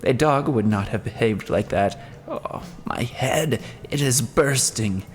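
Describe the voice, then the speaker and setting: A man's voice: mid-range voice, slow, pitched above the performer's own voice, lightly acted. A man reading the part of a desperate, grief-stricken old father who pleads and rails at himself in an audiobook. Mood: despairing. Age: older. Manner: wailing, pleading, self-reproaching.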